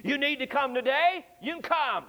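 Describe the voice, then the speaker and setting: A male pastor delivers an impassioned sermon, repeating his appeals with fervent emphasis. His voice is pitched very high for a man. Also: animated, normal speed, bright, forceful tone. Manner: fervent, emphatic, repetitive exhortation.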